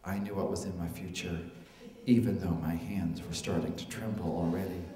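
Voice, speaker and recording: A man performing a comic personal story at a live storytelling show, animated and self-mocking. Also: deep voice, normal speed. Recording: echoey hall.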